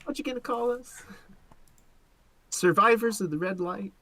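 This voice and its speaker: A man's voice: sits high, normal speed, sharp tone. A man playing in a tabletop game, joking and bantering with the table. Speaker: player.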